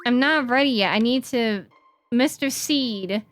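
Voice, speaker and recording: A woman streamer chatting casually while she plays a game, playful and quick to swear. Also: on the high side, soft background music. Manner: playful, swears, reads game dialogue aloud. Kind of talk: casual gaming stream commentary.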